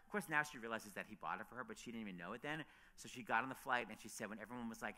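A man on stage at a festival, telling excited, gushing anecdotes and acting out the people he quotes. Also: mid-range voice. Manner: gushing, excitable, quick asides, acts out quotes. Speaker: author and radio host speaking at a festival. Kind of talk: animated anecdotal storytelling on stage.

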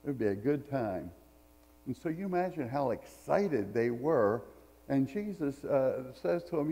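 A man's voice: mid-range voice, animated, unhurried, mellow, big-room sound, poor audio. A man preaching a sermon in a church, reading scripture and telling folksy stories with jokes. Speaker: pastor. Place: church sanctuary.

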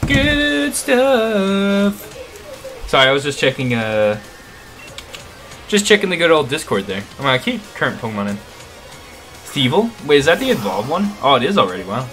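Brief: excitable young male streamer, slangy and profane, bright animated voice. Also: mid-range voice, a little fast, pauses often, faint music behind. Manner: excitable, slangy, swears often. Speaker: let's play host. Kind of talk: casual gameplay commentary.

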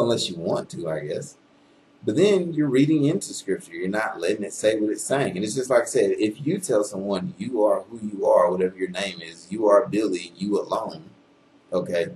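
A video channel host addresses his viewers directly in an argumentative religious monologue, building an emphatic case about scripture with rhetorical questions and a frequent "okay?". His voice is lowish and a little mellow. The low-quality recording carries slight background noise.

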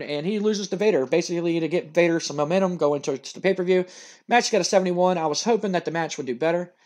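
A man hosting a let's-play, recapping a wrestling game in a loose, rambling way with frequent "uh"s. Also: fairly high pitch. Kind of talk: casual game commentary.

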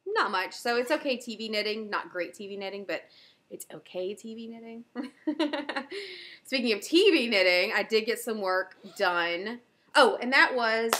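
A Southern US woman with a mid-range, fairly bright voice hosts a knitting video podcast. She chats casually and enthusiastically about her projects, show-and-tell style, with frequent fillers.

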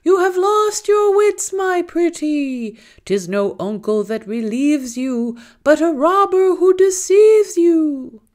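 A woman voicing a slinking jackal that howls a warning in a high, drawn-out singsong. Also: a little mellow. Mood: howling warning. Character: howling sly jackal, warning.

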